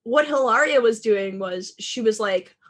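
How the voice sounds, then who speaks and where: A woman co-hosting a podcast in casual chat, animated and giggly as she tells stories. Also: a little high, a little slow. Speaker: podcast co-host.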